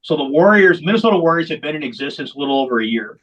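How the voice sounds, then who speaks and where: Higher-voiced man telling his story. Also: animated, racing, fairly bright tone, dull audio. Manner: candid, emphatic repetition for stress. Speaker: founder of a veterans hockey program. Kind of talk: long-form interview storytelling.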